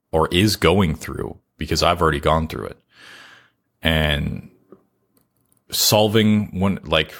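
A man being interviewed on a podcast, earnestly explaining his advice with deliberate pauses. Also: very deep voice, fairly bright tone. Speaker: podcast guest giving advice on content creation. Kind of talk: casual interview chat.

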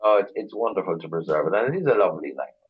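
A man's voice: deep voice, expressive, very fast, slightly rough, muffled recording. A middle-aged Irish man chatting as an interview guest, telling rambling stories with many restarts. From Ireland. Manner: rambling storyteller, frequent restarts. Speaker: guest, chauffeur tour operator. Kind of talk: casual interview chat.

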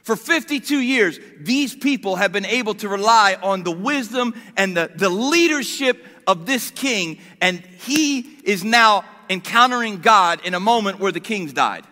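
A pastor preaching a sermon in an animated way, swinging from loud declarations to hushed, quiet lines. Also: male voice, high-pitched, in a large hall.

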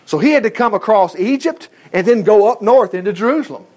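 Male preacher, conversational sermon, folksy and chatty, high voice with lively swings. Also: fairly quick. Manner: folksy, animated, self-interrupting, acting out scripture dialogue.

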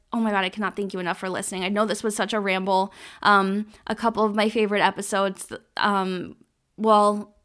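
A woman's voice: medium pitch, fairly bright tone. A young woman, hosting her own podcast alone, talking in a rambling, heartfelt way full of fillers and close to tears. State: tearful, near crying. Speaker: podcast host. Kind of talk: solo podcast monologue.

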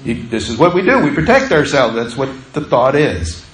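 A man's voice: medium pitch, very animated, moderate pace, echoey room, a little hiss or hum, low-quality recording. A male pastor preaching a sermon in a conversational way, acting out the voices he quotes.

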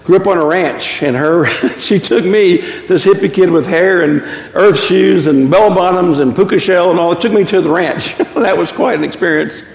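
Gravelly pastor in an echoey hall. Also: male voice, high-pitched, moderate pace, few pauses. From Texas. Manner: storytelling, chuckles at his own jokes. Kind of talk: sermon. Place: church sanctuary. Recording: echoey hall with long reverb.

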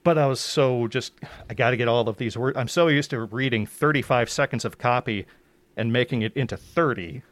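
A man chatting casually as a podcast guest about narrating an audiobook, blunt and quick to swear. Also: medium pitch, fairly bright tone, no echo. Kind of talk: casual chat.

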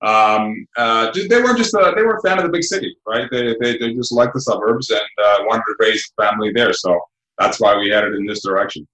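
A middle-aged man, raised in England, chatting in a relaxed, rambling way as an interview guest, full of fillers and tag questions. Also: lowish voice, a little fast, reverberant, rough recording. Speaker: radio host guest. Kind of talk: casual interview.

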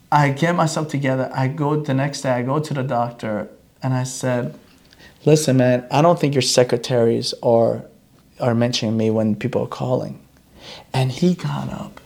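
Gravelly-voiced man telling a story animatedly. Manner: animated retelling, acting out quoted lines with big pitch jumps. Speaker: chiropractor. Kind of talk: personal storytelling to camera.

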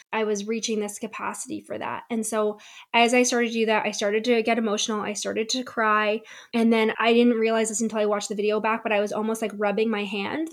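A young adult woman from the United States hosting her own podcast, telling a personal story in a candid, reflective way. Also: a little high. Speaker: podcast host. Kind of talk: solo podcast talk.

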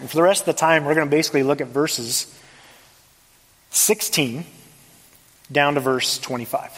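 A man preaching a sermon as pastor, emphatic, with rhetorical questions and big shifts between loud and soft. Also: fairly high pitch, moderate pace, long pauses. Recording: long reverb of a large hall.

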